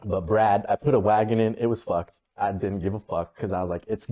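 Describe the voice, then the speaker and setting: A man's voice: on the low side, steady tone, a little fast, mellow. A man telling a casual story about work, blunt and full of swearing. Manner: profane, blunt, acts out quoted dialogue.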